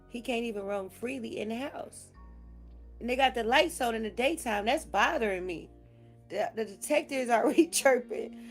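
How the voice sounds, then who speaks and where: A woman's voice: medium pitch, creaky. A woman giving casual gossip commentary, laughing often, swearing freely and acting out what people said.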